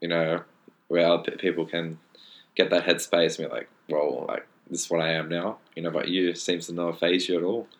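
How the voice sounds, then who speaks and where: A man's voice: low-pitched, level tone, a little fast. A man hosting a casual interview, asking questions in an easygoing, encouraging way. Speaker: podcast host.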